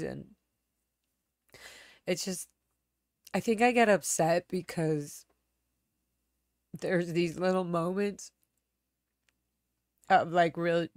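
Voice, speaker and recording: A woman hosts her own livestream, talking casually and candidly to viewers. Her voice sits a little low with a smooth, clear tone, recorded close and dry. She rambles, trails off mid-thought and picks the story back up. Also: no room sound. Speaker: livestream host.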